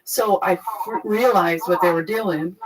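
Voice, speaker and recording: A young adult woman frankly retelling a painful personal story, profane and animated. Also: fairly low pitch, a little slow, crowd noise, low-quality recording. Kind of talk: candid conversational storytelling.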